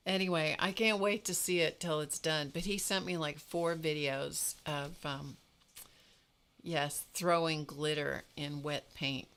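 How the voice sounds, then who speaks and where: A woman hosting a live craft stream, chatting casually and telling an animated story to her viewers. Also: low voice, measured pace, vocal fry. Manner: animated storytelling, greets viewers by name, frequent laughs.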